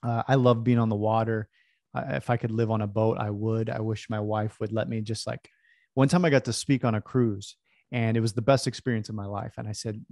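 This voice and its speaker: A man from California telling a personal story in an animated, self-deprecating way to an audience. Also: lowish voice, fairly quick, no room sound, clean studio sound. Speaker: speaker. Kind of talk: storytelling talk.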